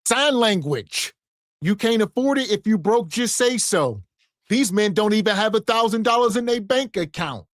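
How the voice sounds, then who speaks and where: A man's voice: sits high, expressive, moderate pace, no echo, clean studio sound. A man hosting a podcast, casual commentary with sarcastic, slangy remarks. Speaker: podcast host.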